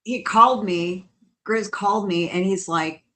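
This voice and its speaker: A woman co-hosting a paranormal podcast, chatting casually, animated and laughing often between quick asides. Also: medium pitch. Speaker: podcast co-host.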